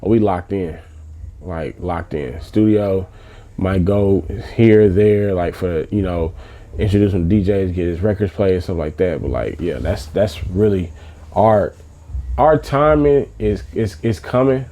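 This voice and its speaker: A man speaks in a low, mellow voice. He talks loosely and emphatically as an interview guest, full of slang and restarts. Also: animated, measured pace. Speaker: interview guest, music manager. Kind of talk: casual interview talk.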